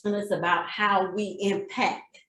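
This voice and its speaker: A woman's voice: mid-range voice, fairly even intonation, measured pace, a bit bright, a little hiss or hum. Heartfelt woman in an echoey room. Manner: heartfelt, storytelling, speaks of blessing and giving. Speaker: real estate class instructor. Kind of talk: motivational class talk.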